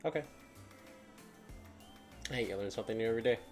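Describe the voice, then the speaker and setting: On a stream, a man with a mid-range voice reads fanfiction aloud fairly quickly, rambling through commentary and often stopping to repeat words. Faint music plays in the background.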